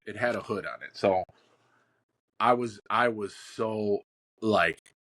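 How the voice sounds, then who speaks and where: Man, podcast co-host, animated storyteller, casual, throws in "like" and "dude" a lot. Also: fairly low pitch, takes it slowly. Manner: animated, acts out quotes, says "like" and "dude" often.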